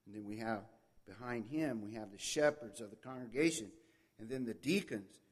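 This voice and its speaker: A man preaching a sermon, reading scripture aloud with swelling emphasis and dropping to a soft, low voice between verses. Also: normal speed, breathy edge. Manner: swells loud on quoted verses, drops soft and low on asides.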